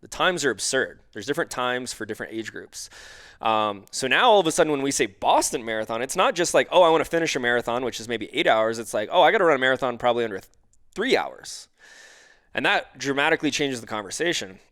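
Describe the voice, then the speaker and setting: A man appears on a podcast interview as a guest life coach, talking fast with lively intonation in a slightly bright mid-range voice. He illustrates ideas with examples, acting out what others said, and the studio sound is clean with no echo.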